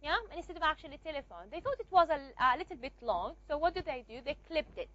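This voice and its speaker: High-voiced woman teaching a lecture. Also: expressive, quick pace, a bit bright, lo-fi sound. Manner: repeats and asks rhetorical checks, with frequent fillers. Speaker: linguistics teacher. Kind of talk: recorded classroom lecture.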